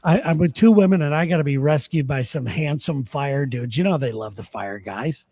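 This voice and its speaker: Guy rambling thru a funny story on a podcast, kinda high voice, dry close sound. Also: expressive, normal speed, dark tone, no echo. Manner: rambling, laughing anecdotes with restarts. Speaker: podcast host. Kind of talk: casual chat, storytelling.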